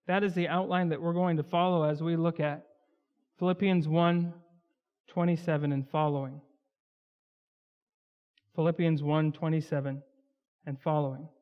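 A man preaching an expository sermon as pastor of a church, slowing down to stress key words. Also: fairly high pitch, little pitch movement, clean tone. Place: church sanctuary. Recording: dull, lo-fi church recording with long hall reverb.

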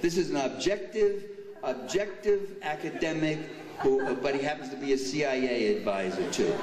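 Heard from a distance in an echoey banquet hall with crowd noise, an older man delivers a political speech full of sarcasm and mocking asides. His mid-range voice is animated, at a moderate pace.

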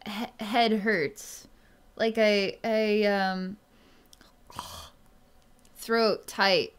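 Soft-spoken woman giving a slow psychic reading. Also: medium pitch, little pitch movement, clean tone. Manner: slow, hesitant speech with many pauses and fillers; soft and quiet when tuned in. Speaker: psychic energy healer. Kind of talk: solo reading monologue to camera.

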